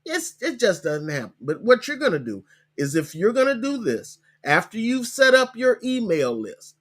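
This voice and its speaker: A man hosting a live online session, coaching viewers on starting a business, talking casually, repeating links slowly and ending lines with "okay?". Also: sits high, wildly swooping pitch, a bit bright. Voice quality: hiccups. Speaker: podcast host.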